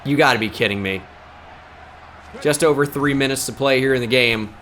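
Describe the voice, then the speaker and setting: A man giving live play-by-play commentary on his own video game, muttering to himself and shouting on big plays. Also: mid-range voice, normal speed, slight background noise. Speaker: gaming YouTuber.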